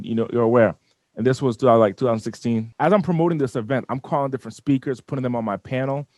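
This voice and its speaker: A man in a studio interview, telling his story with lots of energy and frequent restarts. His voice sits at an ordinary middle pitch, and the recording is dry and close, with no room sound. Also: no room sound. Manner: animated storyteller who repeats and restarts words. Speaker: business owner guest.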